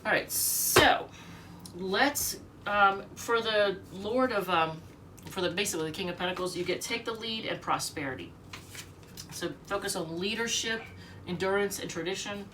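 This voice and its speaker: Reading card meanings aloud in a chatty, meandering home tarot session, the ill, breathless woman talks at normal speed. Her medium-pitched voice is fairly bright, captured from a distance with a little hiss or hum.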